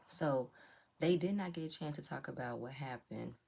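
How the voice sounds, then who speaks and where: A woman's voice: very deep voice, moderate pace, creaky, darkish tone, slightly rough. A woman giving casual, opinionated commentary on a reality show and talking straight to her viewers. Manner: chatty, opinionated, talks to viewers directly. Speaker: reality TV reviewer.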